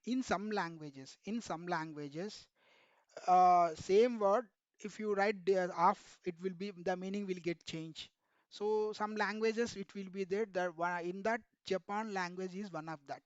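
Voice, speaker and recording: A man leads an online technical class, pausing often to ask the students questions and calling them sir. His voice sits high and comes across smooth and resonant. The sound is dry and muffled. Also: dry recording. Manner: repeatedly quizzes students, addresses them as sir. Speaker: instructor.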